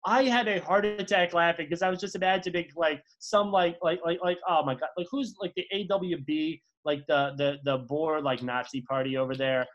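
A podcast co-host telling rambling stories in casual chat, full of fillers and restarts, and swooping high when excited. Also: moderate pace, few pauses, highs cut off.

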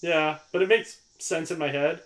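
A man co-hosting a podcast, chatting casually and going off on animated tangents with lots of yeahs. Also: a little high, moderate pace. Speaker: podcast co-host. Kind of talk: casual film discussion.

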